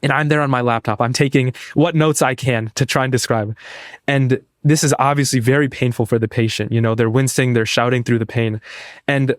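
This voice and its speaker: A man's voice: mid-range voice, steady tone, brisk, no echo, clean studio sound. A young man, a pre-med student, telling an earnest story as a podcast guest. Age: young adult. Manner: earnest, eager, restarts phrases. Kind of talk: casual interview storytelling.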